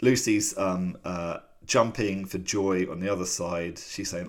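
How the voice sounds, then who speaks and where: A man with a low, deep voice, talking in a loose, rambling way full of ums and small laughs. He co-hosts a casual podcast chat. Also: measured pace, few pauses. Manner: chatty and rambling, with many fillers and laughs. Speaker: podcast co-host.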